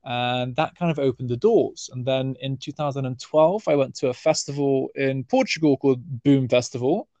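A man, talking casually as an interview guest, relaxed and rambling with fillers and restarts. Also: medium pitch, normal speed, dry recording, muffled recording. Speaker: herbalist guest.

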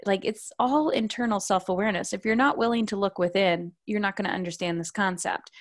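A woman's voice: mid-range voice, fairly quick. A woman in her thirties, a parenting coach, talking casually in a podcast interview and acting out quoted voices as she tells stories.

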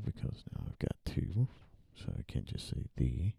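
A man, an author, thinks aloud while drafting and typing in a dark room, muttering, rereading and correcting himself. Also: very deep voice, animated, normal speed, vocal fry, few pauses, no room sound.

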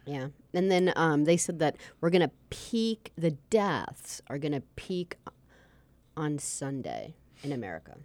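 Low-voiced middle-aged woman co-hosting. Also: sing-song, darkish tone, dry recording. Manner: chatty, easygoing, quick to laugh. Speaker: radio comedy show co-host. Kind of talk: casual radio banter. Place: radio studio.

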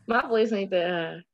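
A woman in casual chat, teasing and quick to laugh. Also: medium pitch, fairly bright tone, highs cut off, slight background noise.

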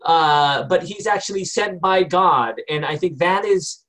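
A man's voice: high voice, a little slow, fairly bright tone. A man leading a group Bible study in a conversational way, often asking the group questions and using many fillers.

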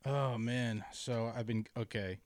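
A man in casual chat, ranting profanely about his bad day, dropping to mumbles and then yelling. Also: mid-range voice, steady tone, slow pace.

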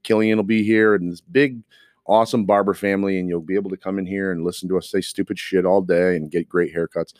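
A man's voice: low-pitched, steady tone, fast, darkish tone, no room sound, studio quality. A man who works as a barber, co-hosting a casual podcast in a barbershop and joking around profanely. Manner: joking, profane, laughs easily.

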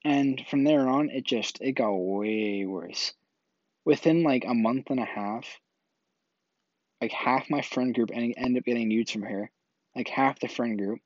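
A man's voice: mid-range voice, a little slow, no echo. A man casually telling a personal story, rambling with lots of filler words and restarts. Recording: dull, slightly lo-fi dry recording.

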